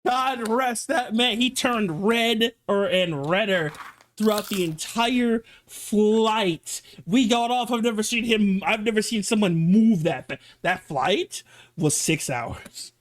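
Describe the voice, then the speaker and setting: Male streamer, high voice, animated casual storyteller. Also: slow pace. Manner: animated, swearing, exaggerated.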